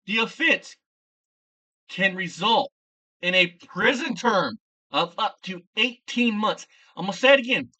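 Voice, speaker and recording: Ranting vlogger, swears nonstop, insults, bright voice swinging all over, a bit far from the mic. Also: medium pitch, lively intonation, measured pace. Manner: profane, insulting, repeats phrases for emphasis. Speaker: commentary vlogger. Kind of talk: angry ranting commentary.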